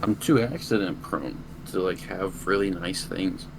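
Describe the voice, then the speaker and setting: A young man with a very low voice tells a long, rambling story on a casual podcast. He swears freely, and steady background noise runs under the recording. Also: unhurried, creaky. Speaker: podcast co-host.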